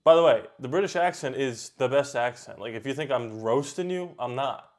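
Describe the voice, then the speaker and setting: A man's voice: medium pitch, animated. Chatty man reacting to a show. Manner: chatty, talks back at the screen with quick outbursts. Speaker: reaction video host. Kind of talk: casual reaction commentary.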